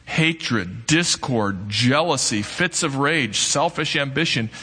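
A man preaching a sermon to a congregation, earnest and emphatic, with dramatic pauses. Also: mid-range voice, expressive, sharp tone, slightly rough, long reverb tail. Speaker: pastor. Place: church sanctuary.

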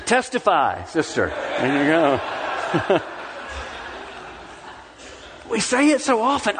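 A middle-aged man preaching a sermon as pastor, swinging from soft, low asides to rising, emphatic declarations. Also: big pitch swings, unhurried, pauses often, big-room sound, a little hiss or hum. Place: church sanctuary.

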